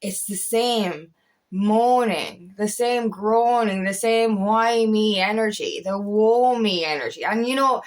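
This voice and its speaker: A woman's voice: fairly high pitch, a bit bright. A woman working as an empowerment coach, talking casually and frankly to camera, swearing freely and repeating phrases. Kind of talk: casual spiritual vlog talk.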